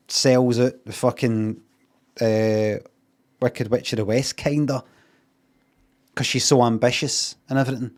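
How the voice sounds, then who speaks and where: A man's voice: medium pitch, darkish tone. A man with a Scottish accent giving a casual, rambling review on a live stream, sweary and wry.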